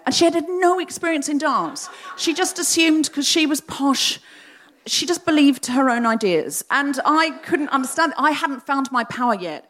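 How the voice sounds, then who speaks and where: A woman's voice: on the high side, brisk. A woman in her forties hosting a live comedy podcast, telling a self-mocking personal story with lots of energy. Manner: animated, self-mocking, confessional. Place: live theatre stage.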